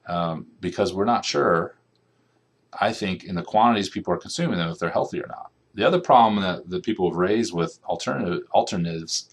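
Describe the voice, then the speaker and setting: A man's voice: deep voice, slightly rough. A middle-aged man giving a classroom lecture, conversational and loose, often checking in with the students with "okay" and "right". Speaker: nutrition lecturer.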